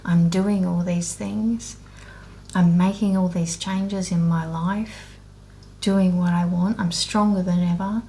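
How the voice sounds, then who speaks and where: Slow, mellow, and steady, this woman's lowish voice carries a bit of hiss or hum in the background. Unscripted and blunt, she swears heavily while earnestly and emotionally describing her spiritual awakening, rambling with restarts.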